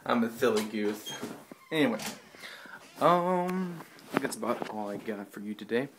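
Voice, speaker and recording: A man's voice: medium pitch, lively intonation, moderate pace, noisy background. A man vlogging in a goofy, self-mocking way, recorded in a bathroom. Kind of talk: rambling comic vlog. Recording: echoey bathroom.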